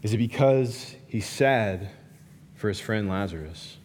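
A man's voice: fairly low pitch, lively intonation, unhurried, darkish tone, slight background noise. A young man preaching a sermon, talking casually and animatedly, with lots of "like" and "right" as he tells stories. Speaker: pastor. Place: large hall with a live audience. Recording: hall reverb.

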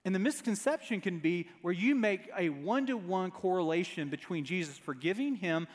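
A man's voice: high voice, moderate pace, long reverb tail. A man preaching a sermon as pastor, with an emphatic, repetitive cadence.

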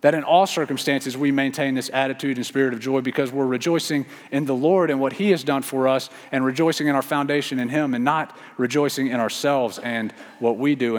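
Male pastor, mid-pitched, earnest sermon delivery, repeats for emphasis, long hall reverb.

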